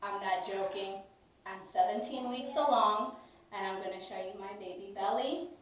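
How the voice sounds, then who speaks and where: A woman's voice: mid-range voice, normal speed. A woman in her thirties chatting casually in a family vlog, talking to viewers and now and then slipping into sing-song baby talk with her toddler. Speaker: vlogger. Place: room at home, indoors. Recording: very echoey room, voice from a distance, faint noise.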